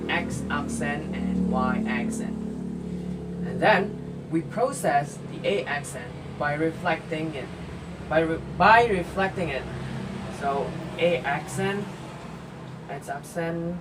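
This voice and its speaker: A man explaining a math problem step by step, with fillers and self-corrections. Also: on the high side. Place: indoor room. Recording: distant mic with air-conditioner hum.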